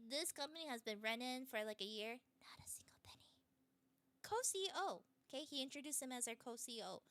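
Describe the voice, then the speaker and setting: High, bright-voiced woman streamer. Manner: animated, heated retelling with frequent fillers. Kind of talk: casual storytelling on a livestream.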